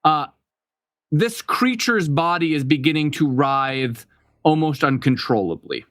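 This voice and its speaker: A man's voice: fairly high pitch, animated, unhurried, fairly bright tone, no room sound. A man running a tabletop game as game master, describing scenes with many fillers and restarts.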